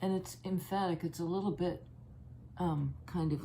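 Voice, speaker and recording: A woman giving a casual tarot reading, musing and halting as she thinks aloud over each card. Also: on the low side, warm tone, slight background noise. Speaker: tarot reader.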